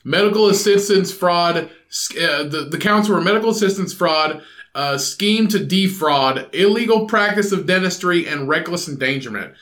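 A high-pitched man with a bright, tense voice rambles through crude podcast banter, swearing freely and slipping into put-on voices for his bits. He sounds like he's in an echoey room. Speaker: podcast co-host. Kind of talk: crude casual chat.

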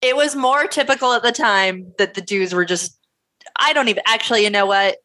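A woman's voice: mid-range voice, brisk, pushed and bright. A woman co-hosting a casual podcast, telling a story in a rambling, profane way with many fillers.

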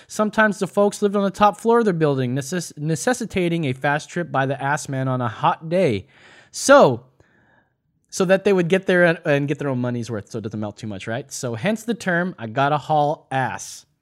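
Man, quiz host, fairly high pitch, profane, joking, casual podcast chat. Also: lively intonation, normal speed. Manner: joking, profane, explains at length.

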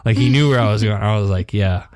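A man in his thirties co-hosting a podcast, telling a story in casual chat, laughing and acting out quotes in a higher voice. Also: fast, darkish tone, dry recording. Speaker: podcast co-host.

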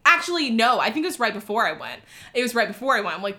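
A woman in her twenties telling a story in casual chat, animated, laughing and saying "like" a lot. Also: a little high, very fast. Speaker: storyteller guest.

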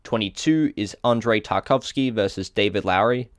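Low, smooth Australian man. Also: moderate pace, dry recording, clean studio sound. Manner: trips over foreign names, chuckling self-corrections. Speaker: podcast co-host. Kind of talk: casual podcast chat, reading out a list.

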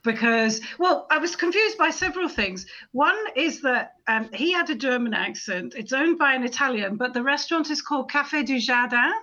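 A woman co-hosting a casual film podcast, lively and chatty. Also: high voice, moderate pace, hardly any pauses, highs cut off. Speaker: podcast co-host.

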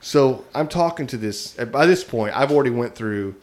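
Man, casual storyteller, rambling and self-amused, mid-pitched. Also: expressive, moderate pace, a little mellow. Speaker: guest telling a prank story.

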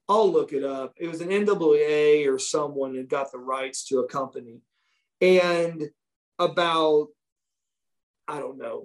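A man, a former wrestler, telling stories from his career in a casual chat, swearing freely and acting out what others said. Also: fairly high pitch.

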